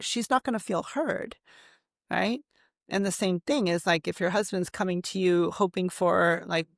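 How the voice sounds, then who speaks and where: Gravelly-voiced woman explaining in a dry room. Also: lowish voice, no echo. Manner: animated, uses fillers and rhetorical questions. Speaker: guest therapist. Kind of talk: conversational explaining.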